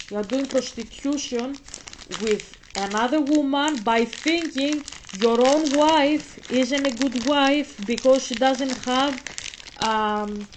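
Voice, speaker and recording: A woman delivers a heated vlog rant, emphatic and argumentative as she talks straight back at a critic. Her voice sits a little high. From Greece. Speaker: vlogger. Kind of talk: casual ranting monologue to camera.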